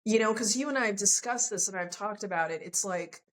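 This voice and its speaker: Speaking a little fast in a mid-range voice, this woman is a podcast guest recounting something personal. She's earnest and emotional and voices the quoted dialogue herself. The recording is rough.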